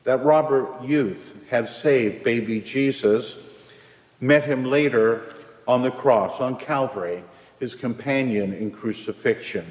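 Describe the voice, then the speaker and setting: A man delivers a sermon at an unhurried, deliberate pace, his voice sitting at an ordinary middle pitch. The recording catches him from across a church, with a long, ringing reverb trailing each phrase. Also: a little mellow. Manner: slow, measured preaching with a prayer opening. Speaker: preacher. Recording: echoey church from a distance.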